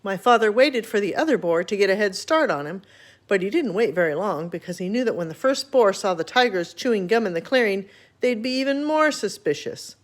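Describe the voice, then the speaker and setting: An older woman reading a children's chapter book aloud, her voice rising and falling with lively expression. She tells the story with gentle, animated storytelling. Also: medium pitch, a little fast.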